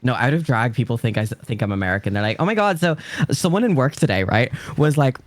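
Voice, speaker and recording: A man's voice: mid-range voice, lively intonation, quick pace, no room sound. An Irish man, a drag performer, chatting casually and rambling with self-mocking humour. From Ireland. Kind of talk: casual chat.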